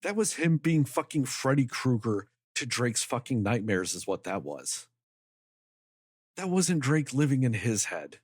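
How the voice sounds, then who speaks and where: Husky dude on a podcast going off, lots of swearing, dry close sound. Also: male voice, medium pitch, big pitch swings, a little slow, no room sound. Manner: heated, profane, emphatic ranting. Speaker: podcast co-host. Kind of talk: casual podcast chat.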